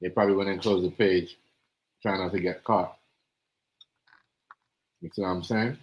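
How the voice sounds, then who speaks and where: A man's voice: low-pitched, steady tone, moderate pace, rough recording. A man chatting casually on a stream, talking emphatically and often checking that the listener follows. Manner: emphatic, keeps asking "you see what I'm saying". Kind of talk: casual chat.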